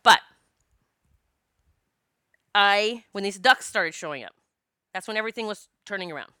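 A middle-aged woman telling a personal story in a casual, animated way, with swearing and laughter. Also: medium pitch, moderate pace, clear, resonant tone, no room sound, clean studio sound. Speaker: author and speaker.

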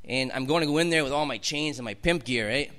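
A man's voice: mid-range voice, fast, fairly bright tone. A man telling his personal testimony to a congregation in an emphatic, storytelling way that builds to fervent outbursts. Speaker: testimony speaker.

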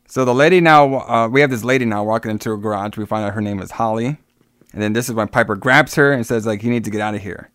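In a relaxed movie recap chat, a man retells a film scene after scene, filling it with asides and filler words. He talks quickly, his voice fairly low yet fairly bright in tone, in a studio-quality recording with no echo.

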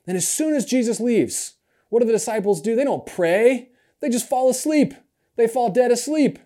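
Male pastor, sermon, casual conversational delivery, mellow warm tone, repeats and restarts words. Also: extremely high pitch, lively intonation, normal speed.

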